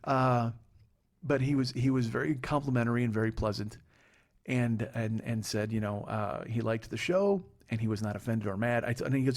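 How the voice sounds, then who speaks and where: A man's voice: medium pitch, normal speed. A man in his forties hosting a comedy podcast, telling a rambling, self-mocking story with lots of swearing. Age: 40s.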